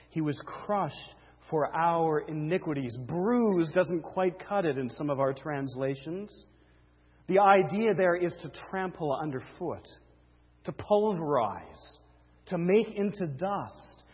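A man preaching a sermon, emphatic and repeating key words, asking rhetorical questions, swinging between booming and hushed. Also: husky. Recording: lo-fi with long hall reverb.

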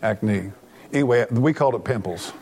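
A man's voice: mid-range voice, lively intonation, moderate pace, a little mellow. A middle-aged man preaching a sermon as pastor, earnest and plainspoken, often restarting his sentences.

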